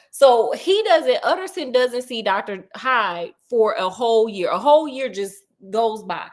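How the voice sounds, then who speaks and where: A woman retelling a classic story in a casual, comic way, animated and slangy, talking right to her audience. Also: on the high side, a little slow.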